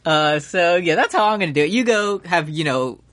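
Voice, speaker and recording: A man's voice: a little high, lively intonation, fairly quick, a bit bright. A man co-hosting a podcast in casual chat, an English teacher who rambles, swears and restarts often. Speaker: podcast co-host.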